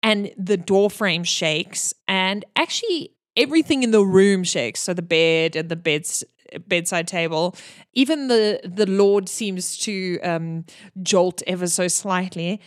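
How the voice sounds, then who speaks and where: A woman running a tabletop game as game master, narrating the scene in a lively, playful way. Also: fairly low pitch, measured pace, no room sound, clean studio sound.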